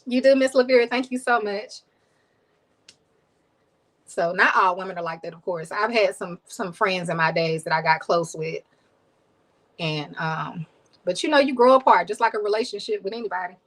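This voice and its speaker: A woman's voice: medium pitch, normal speed, pauses often, fairly bright tone, poor audio. A woman hosting a live stream, chatting casually with viewers, thanking them by name and laughing often, with a voice people call soothing. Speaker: cooking channel host.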